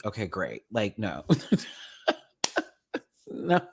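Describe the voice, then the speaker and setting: A man's voice: fairly low pitch, wildly swooping pitch, very slow, gravelly, background noise. A man giving a casual ranting review from his home desk, exasperated and chatty, laughing often. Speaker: YouTube reviewer. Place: home desk with ring light.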